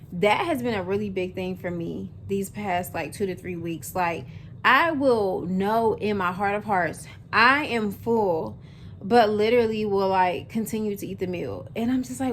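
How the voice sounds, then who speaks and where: A young woman in her twenties chats casually to her camera. Her voice sits at an ordinary mid pitch, with a faint bit of background noise. She keeps it loose and chatty, full of fillers, and speaks right to her viewers. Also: moderate pace. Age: 20s. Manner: chatty, filler-heavy, addresses viewers as y'all. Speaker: vlogger.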